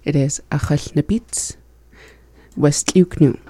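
A woman with a low, mellow voice speaks slowly and calmly. She repeats phrases softly and explains what they mean. The recording is close and dry. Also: no room sound. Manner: calm, repeats phrases softly and gives translations. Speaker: language lesson co-host. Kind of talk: relaxed language lesson.

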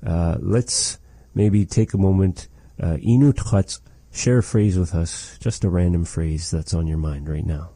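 A man teaching a language lesson, slowly and patiently repeating words for a learner. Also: deep voice, steady tone, mellow, no room sound, rough recording.

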